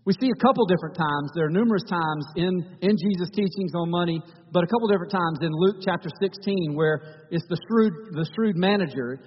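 A man with a high, husky voice preaches a conversational sermon in a church. His phrases often restart as he talks. The recording is dull and carries a long hall reverb. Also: fairly quick, few pauses. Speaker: pastor.

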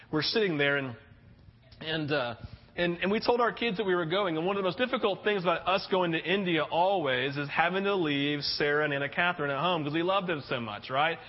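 A male pastor preaching, telling stories in an animated way and often restarting his sentences. His voice sits high for a man, and the recording is dull and lo-fi. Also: fast, long reverb tail. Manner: animated storytelling with frequent restarts. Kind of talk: sermon. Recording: muffled lo-fi recording.

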